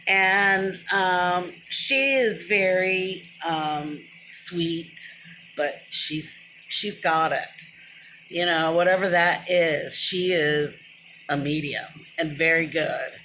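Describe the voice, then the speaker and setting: Amid slight background noise, a middle-aged woman with a fairly low pitch, drawn-out words, and a sharp tone speaks to a vlog camera held close to her face. It's a casual, emotional monologue where she self-describes as rambling, drifts off with "but anyway," and openly discusses crying.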